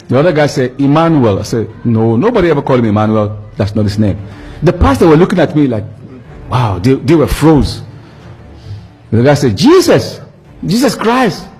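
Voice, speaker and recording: A man's voice: mid-range voice, a little fast, husky, faint music behind. A man preaching and retelling a debate, acting out both sides with emphatic repetition. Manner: animated, acts out both sides of the exchange; emphatic, repeats words for effect. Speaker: Islamic preacher.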